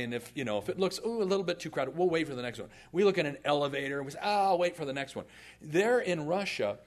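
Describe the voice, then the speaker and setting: A man in his forties, preaching a sermon and telling stories animatedly. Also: on the high side. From United States. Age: 40s. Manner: animated, laughing through anecdotes. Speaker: pastor. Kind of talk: storytelling sermon.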